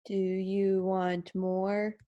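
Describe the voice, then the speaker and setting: Very slow, mellow-voiced woman client. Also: mid-range voice, monotone, muffled recording. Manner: short practice phrases, careful and deliberate. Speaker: voice therapy client.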